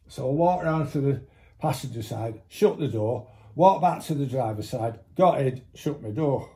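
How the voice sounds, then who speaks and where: A man's voice: medium pitch, expressive, moderate pace, mellow. A man telling a long anecdote in casual chat, swearing freely and acting out what others said. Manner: swears freely, mimics voices in quotes. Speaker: storyteller.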